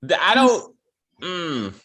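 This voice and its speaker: A man's voice: high-pitched, sing-song, takes it slowly, pushed and bright. A man co-hosting a casual chat, swearing freely and often repeating his words as he goes. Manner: loose and profane, stammers and repeats words. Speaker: podcast co-host.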